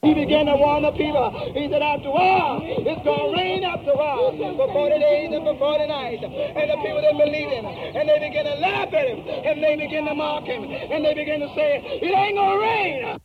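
A man's voice: very high-pitched, animated, a little fast, pauses often, no echo. A man preaching in the street, his speech hovering between talking and singing, heard on an old tape recording. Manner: half-sung preaching cadence. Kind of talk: archival street sermon recording. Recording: tinny lo-fi archival tape.

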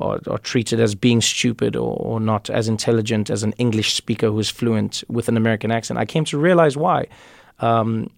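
A man from South Africa, a comedian and author, talking in a casual interview with animated storytelling. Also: mid-range voice, gravelly, no room sound. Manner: animated storytelling, frequent restarts. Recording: dry studio sound.

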